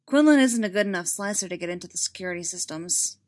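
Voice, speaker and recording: A woman's voice: fairly low pitch, expressive, fast, darkish tone, close to an everyday voice. A woman voicing a stern, commanding female Jedi master who gives clipped orders.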